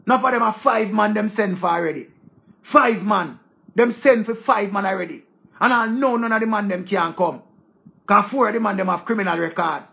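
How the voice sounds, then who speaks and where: Gravelly high-voiced Jamaican man ranting. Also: a little fast, bright, forceful tone. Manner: heated, scolding, swears freely. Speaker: online commentator. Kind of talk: casual rant to viewers.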